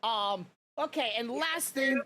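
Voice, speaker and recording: Chatty podcast host with faint hiss. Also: male voice, extremely high pitch, slow, pushed and bright. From Louisiana and Mississippi, USA. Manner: rambling, laughs often between points. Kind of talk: casual podcast chat.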